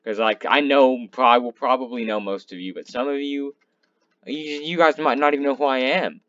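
A young man casually commenting on his gameplay, swearing and rambling between loud outbursts and low mumbling. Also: fairly even intonation, moderate pace, dry recording, muffled recording. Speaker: gaming channel host.

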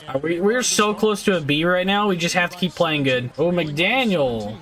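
A man with a high, bright voice giving live gameplay commentary. His pitch leaps around as he shifts between excitement and frustration, yelling at teammates and swearing in casual slang. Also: normal speed. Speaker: gaming YouTuber.

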